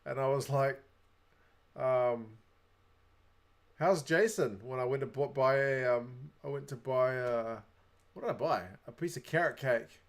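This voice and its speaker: A man's voice: medium pitch, steady tone, normal speed. A young adult man with a New Zealand accent, hosting a casual livestream, chatting away and reading viewer comments aloud. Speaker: livestream host.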